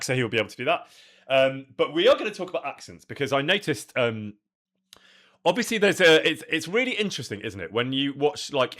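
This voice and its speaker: A man's voice: medium pitch, fairly bright tone. A man chatting casually and rambling through asides as he streams a video game, laughing easily. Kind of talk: casual live-stream chat.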